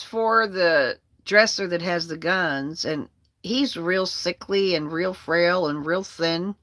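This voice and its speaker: Bright-voiced woman telling a blunt story. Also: lowish voice, slow, no echo. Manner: profane, blunt, candid. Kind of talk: casual spoken storytelling.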